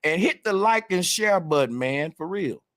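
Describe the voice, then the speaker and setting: A man's voice: sits high, lively intonation, normal speed, a bit bright. A man hosting a call-in livestream, directing callers in a bossy, casual, slangy way. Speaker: host.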